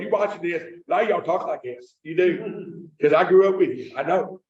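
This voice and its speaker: A man's voice: fairly high pitch, a little fast, a little mellow. A middle-aged man from Kentucky with a Kentucky accent, an author telling stories to an audience in a casual, rambling way and often restarting his sentences. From Kentucky, USA. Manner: chatty storyteller with frequent restarts and self-corrections. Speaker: author and screenwriter giving a talk. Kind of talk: casual anecdotal talk to an audience. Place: room with a live audience. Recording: echoey, distant, dull room recording.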